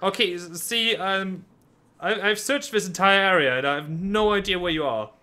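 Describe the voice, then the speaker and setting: Bright-voiced, stammering young man gaming. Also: sits high, moderate pace. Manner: flustered, stammering, wry. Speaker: gameplay host. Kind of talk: casual gaming chat.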